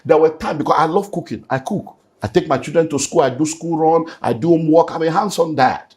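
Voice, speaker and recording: A man's voice: on the high side, fast talker, a little mellow. A middle-aged man with a Nigerian accent, a pastor giving an emotional personal testimony as a guest and slipping into Pidgin. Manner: earnest, slips into Nigerian Pidgin.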